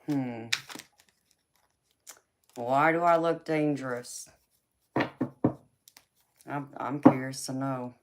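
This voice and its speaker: Very low-voiced Southern woman, slow drawl. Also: slight background noise. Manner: drawling, slow, reads viewer comments aloud. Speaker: livestream host. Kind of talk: casual chat with live viewers.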